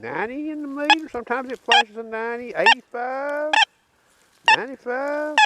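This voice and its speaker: A man with a Southern US drawl talks his viewers through a metal detector test outdoors, his voice sitting high and moving up and down a lot. His talk is folksy and chatty, full of "okay?" and "boys." Loud background noise runs under the recording. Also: lively intonation, moderate pace. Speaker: metal detecting channel host. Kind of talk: casual demonstration talk. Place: outdoors at a dig site. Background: detector tones and noise.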